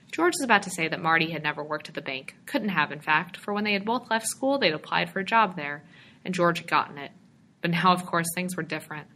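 A woman reading a story aloud in a measured, expressive narration. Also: fairly low pitch, a little hiss or hum. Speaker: reader.

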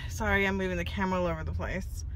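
A woman's voice: fairly low pitch, fairly even intonation, rapid-fire, a little hiss or hum. A woman in her thirties talking casually to a handheld camera, venting and tired, often from her car. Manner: chatty, venting, tired then upbeat. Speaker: vlogger. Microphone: handheld camera at arm's length.

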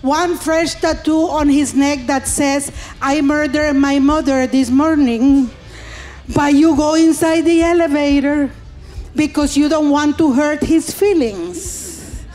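A woman stand-up comedian, telling stories with animated acted-out voices. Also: high-pitched. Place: comedy stage.

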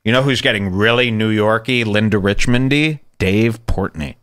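A man hosting a podcast, mocking clips with sarcastic commentary and loud put-on impressions. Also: on the low side, moderate pace, clean tone. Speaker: podcast host.

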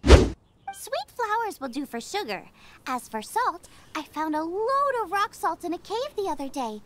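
A woman's voice: very high voice, sing-song, unhurried, full character voice. An actress playing a cheerful, food-obsessed young woman chef in a video game, talking eagerly and rambling about recipes. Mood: instructive. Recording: game audio with background music. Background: game music.

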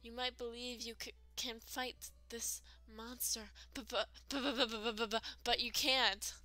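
A woman's voice: a little high, flat delivery, measured pace, bright, forceful tone. A woman reading the pleading lines of a terrified, stammering villager in a video game.

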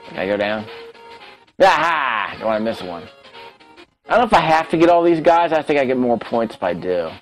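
A man's voice: mid-range voice, very animated, fast, darkish tone, soft background music, rough recording. A man giving casual, self-critical commentary as he plays a retro game, talking to himself. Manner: chatty, self-critical, talks to himself while playing. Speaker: let's play host.

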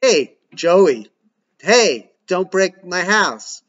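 A man's voice: high voice, animated, very slow, fairly bright tone, voice pushed up, exaggerated voice. A man voicing a tired, dry-humored mother. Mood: weary. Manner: dry, exasperated. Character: weary wry mother, tired of the family. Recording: dull lo-fi recording.

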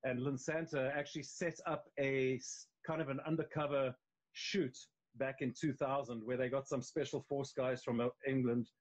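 A man's voice: mid-range voice, flat delivery, normal speed, rough recording. A man with a South African accent, an actor chatting loosely as a guest on a live video interview. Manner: loose and conversational, with many restarts. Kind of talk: casual interview chat.

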